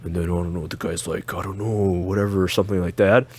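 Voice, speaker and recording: A man co-hosting a podcast in casual chat, telling an animated story with acted-out quotes and frequent laughs. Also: deep voice, fast talker, breathy edge. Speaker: podcast co-host.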